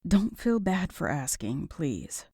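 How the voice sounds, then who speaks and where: A woman voicing a poised, friendly young divorced woman in a romance audiobook, polite and soft-spoken. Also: lowish voice, big pitch swings, takes it slowly, husky, no echo, clean studio sound, full character voice.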